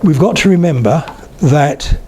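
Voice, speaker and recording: Fairly high-pitched, animated, and unhurried, this man's voice is a little mellow and husky. He's an older lecturer on spoken English giving a public talk to about eighty people live, sharing anecdotes in a chatty manner and checking in with the audience.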